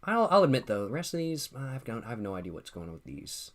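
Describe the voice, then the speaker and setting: A young man hosting a relaxed livestream, his voice sitting right in the middle of the usual male range. He drifts between topics, reads out viewer comments, swears casually and leans on slang like "bro" and "y'all", often saying the same line twice. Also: mid-range voice, quick pace. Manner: loose and profane, heavy slang, repeats himself, laughs often. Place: at home streaming with a drink at hand.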